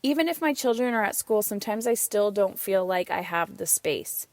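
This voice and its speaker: A woman's voice: mid-range voice, normal speed, hardly any pauses, no room sound. Emphatic woman podcast host, dry sound. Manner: energetic, emphatic, swears casually. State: out of breath. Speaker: podcast host and parenting coach. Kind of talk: solo podcast monologue.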